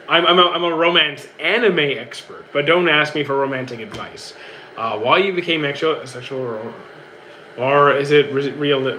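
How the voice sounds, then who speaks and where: A man's voice: on the high side, sharp tone, a little hiss or hum, rough recording. A young man from Canada, a streamer casually answering chat questions in an easygoing, rambling way with many restarts.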